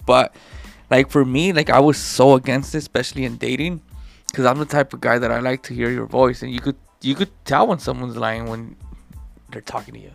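Podcast co-host, man in his twenties, gravelly voice, profane rambling talk, faint music under it. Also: mid-range voice, steady tone, a little fast. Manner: loose, profane, rambling with many fillers. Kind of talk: casual chat.

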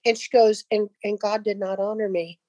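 A woman's voice: medium pitch, fairly even intonation, moderate pace, warm tone, no room sound, highs cut off. An older woman casually telling a personal faith story, rambling with restarts and acting out the dialogue. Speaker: guest sharing a testimony.

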